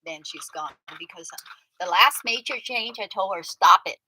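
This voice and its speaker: A woman hosting a livestream, telling a story to her chat in a chatty way that swings from loud outbursts to muttered asides. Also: medium pitch, lively intonation, normal speed, background noise. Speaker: livestream host. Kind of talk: casual storytelling to a live chat.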